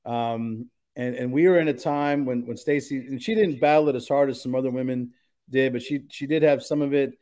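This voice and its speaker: Male pastor guest, mid-pitched, earnest and emphatic, casual talk. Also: fairly even intonation, a little fast, warm tone. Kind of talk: casual podcast conversation.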